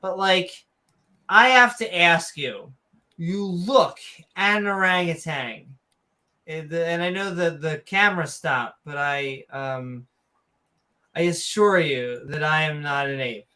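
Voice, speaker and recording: A man with a Northeast US accent, co-hosting a casual podcast in a rambling, animated way with many ums. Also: on the high side, takes it slowly. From Philadelphia area. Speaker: co-host.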